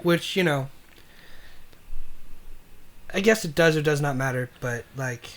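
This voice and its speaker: A man's voice: a little high, a little slow. A young man co-hosting a casual podcast chat, rambling and repeating words as he thinks. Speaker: podcast co-host.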